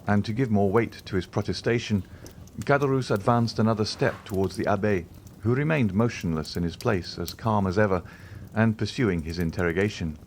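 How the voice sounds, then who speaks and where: A man narrating a classic novel audiobook in a measured, expressive way. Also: on the low side, slight background noise. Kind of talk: scripted narration.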